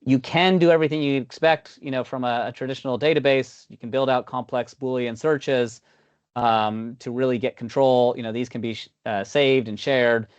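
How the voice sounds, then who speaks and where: On an online video meeting, a man presents a software product demo in a loose, conversational style, peppered with "you know" and "um." His voice is medium-pitched, clear and resonant, with a steady tone and normal speed. The call audio sounds dull and slightly lo-fi, dry and close with no room echo.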